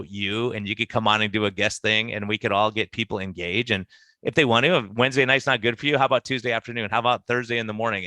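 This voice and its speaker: On a dry recording, a physician with a voice on the low side talks casually on a podcast. His delivery is animated, and he performs his talks with patients as quoted dialogue.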